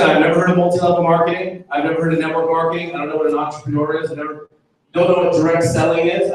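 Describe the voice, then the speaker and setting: A man giving a live motivational talk to an audience, telling joking stories with energy. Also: fairly high pitch. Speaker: motivational speaker. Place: event room with an audience. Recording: echoey hall from far off, faint noise.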